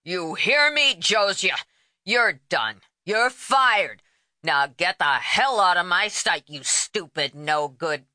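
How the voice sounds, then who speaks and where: A woman voicing a drunken, belligerent man who bellows and shouts. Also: low voice, expressive, takes it slowly, no echo, full character voice.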